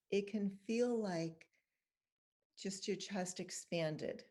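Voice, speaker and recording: A woman's voice: mid-range voice, takes it slowly, warm tone. A middle-aged woman guest patiently explaining, step by step, how to handle judgment. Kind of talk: calm guided instruction and anecdotes.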